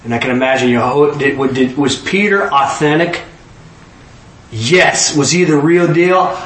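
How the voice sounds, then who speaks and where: A man preaching a sermon in an animated way, acting out dialogue in voices and laughing often. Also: fairly high pitch, unhurried. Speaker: pastor. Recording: echoey room with faint ambience.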